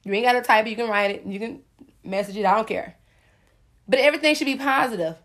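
A woman's voice: on the high side, fast talker, fairly bright tone. Sassy, preachy woman podcast host. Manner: preachy, sassy, addresses listeners directly. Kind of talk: solo podcast monologue.

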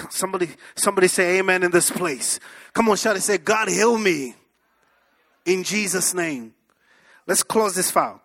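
High, bright-voiced animated preacher. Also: male voice. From abroad, moved to the US in 1998. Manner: animated storytelling, shouts at peaks. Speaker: pastor. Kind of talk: sermon. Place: church.

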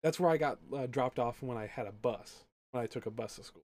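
A man's voice: medium pitch, brisk, a little mellow, dry recording. A young man co-hosting a casual podcast, telling a school story with heavy swearing and acting out both sides of the argument. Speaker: podcast co-host. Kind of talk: casual ranting chat.

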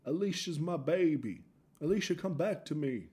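A man's voice: a little high, animated, moderate pace, dark tone, pitched above the performer's own voice, close to an everyday voice. A man voicing a lovesick young caller pining for his girlfriend, in a put-on American accent. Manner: pleading, mopey. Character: lovesick young man calling a radio show.

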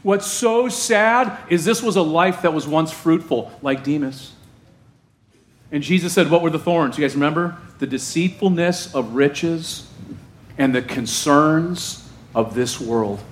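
A man preaching a casual, animated sermon to his congregation, using slang and asking them questions. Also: on the high side, a little slow. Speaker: pastor.

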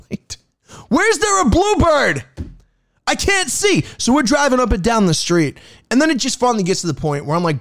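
A man's voice: high-pitched, normal speed, pauses often, no echo, studio quality. A man, a rideshare driver, telling a casual anecdote with profanity and acted-out dialogue. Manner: animated, profane, acts out dialogue.

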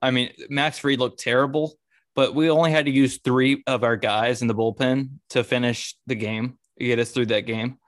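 A man co-hosting a casual sports talk show, speaking in a relaxed, hesitant way with many fillers. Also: mid-range voice, normal speed, dry recording, clean studio sound. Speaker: podcast co-host.

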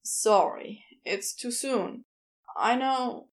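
A woman voicing a quiet, lovestruck man in an audiobook reading, speaking in a hushed, tender way. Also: fairly high pitch, expressive, drawn-out words.

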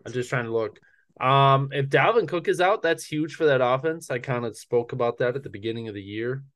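A man co-hosts a casual sports podcast and thinks out loud about his picks. He hedges and reads from reports as he goes. His voice is of medium pitch. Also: fairly quick. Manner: thinks aloud while checking the news. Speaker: podcast co-host.

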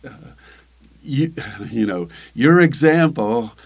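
An older man, a pastor, talking casually in an interview, halting with many fillers and restarts. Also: mid-range voice, expressive, creaky.

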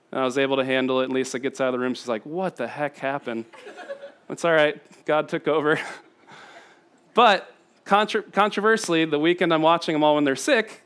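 A man's voice: fairly high pitch, fairly bright tone, clean tone. A man in his thirties from Indiana, preaching a sermon built on family stories, laughing often and talking with many fillers. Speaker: pastor.

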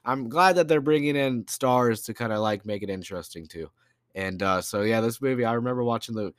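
A man's voice: mid-range voice, dry recording, studio quality. A young man with a congested voice, hosting a casual solo podcast in a loose, chatty way with lots of fillers and slang. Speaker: podcast host.

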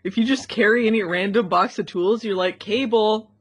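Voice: medium pitch, brisk, husky, dry recording. A podcast co-host chatting casually and making wry jokes. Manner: wry, jokey, laughs. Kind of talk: casual chat.

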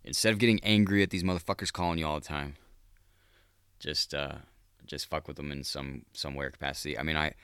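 Podcast host, man, extremely low smooth voice, profane and rambling. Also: steady tone, fairly quick, fairly bright tone, no echo, clean studio sound. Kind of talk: casual solo podcast monologue.

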